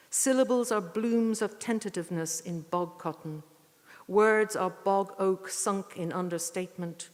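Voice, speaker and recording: A woman giving a poetry reading with short spoken introductions, earnest and unhurried, with thoughtful pauses. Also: fairly low pitch. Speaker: poetry reader at a tribute evening. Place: church. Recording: echoey church hall.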